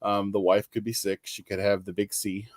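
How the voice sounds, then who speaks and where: A man from the United States co-hosting a gaming podcast, talking in a rambling, halting way with many ums. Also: on the low side, little pitch movement. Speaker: podcast co-host. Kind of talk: casual chat.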